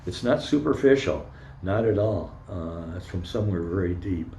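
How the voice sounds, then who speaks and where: An older man with a lowish voice gives a candid, personal talk in a temple hall. He tells his story haltingly, pausing and filling gaps with "uh" and "um". The room adds a noticeable echo around him. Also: lively intonation, warm tone, a little hiss or hum. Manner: candid, halting storytelling with frequent pauses and fillers. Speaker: Zen priest giving a dharma talk. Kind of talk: informal personal sermon. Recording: roomy echo.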